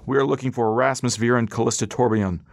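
A man's voice: mid-range voice, steady tone, quick pace, vocal fry, no room sound, studio quality, natural voice. A man voicing a stern male soldier in an audiobook, giving clipped orders. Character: stern male collective soldier, curt and commanding. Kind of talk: audiobook character voice.

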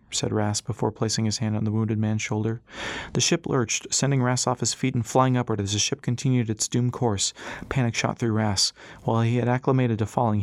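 A man reads an adventure audiobook as its narrator with a steady storytelling pace. His voice is a little low, and the recording is dry and close to the mic. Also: no echo. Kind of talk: scripted narration.

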